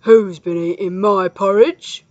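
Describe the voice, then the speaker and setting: Big gruff papa bear growling, slow and loud, woman putting it on. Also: mid-range voice, fairly even intonation, no room sound, dull audio, natural voice.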